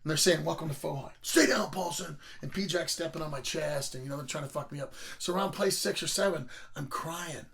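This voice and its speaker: A man's voice: a little high, fast talker, gravelly, hardly any pauses, fairly bright tone. A middle-aged man casually telling rambling, profane stories about his school football days. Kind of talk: casual storytelling.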